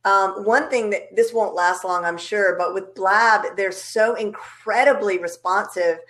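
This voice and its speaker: A woman hosts a live video chat, upbeat and chatty, using fillers as she talks unhurriedly. Her medium-pitched voice is a bit bright and comes through a video call microphone.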